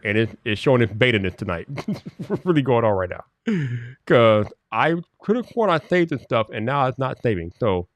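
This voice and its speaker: Fiddling with his software and mumbling under his breath, this medium-pitched man runs a laid-back live stream, welcoming each viewer by name and laughing frequently. There's no echo on the audio.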